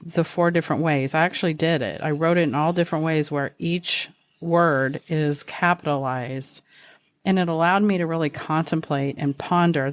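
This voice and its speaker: A middle-aged woman hosting a reflective solo podcast, earnest and thoughtful, slowing down to stress single words. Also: low-pitched. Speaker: podcast host.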